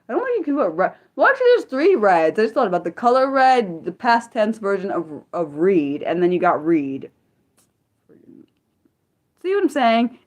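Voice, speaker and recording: A young woman hosting a casual livestream, chatting with her viewers, often laughing and apologizing. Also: lowish voice. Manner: talks straight to chat viewers by name. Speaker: livestream host.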